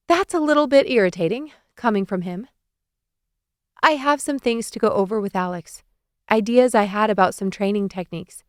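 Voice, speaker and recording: A woman narrating a first-person audiobook with a lively, expressive reading on a close studio mic. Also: medium pitch, normal speed, clear, resonant tone, no echo.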